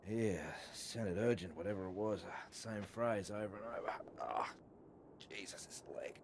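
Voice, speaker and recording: An actor playing a gruff, injured man who talks bluntly and swears casually. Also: lowish voice, animated, moderate pace, noisy background. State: hurting from a leg injury.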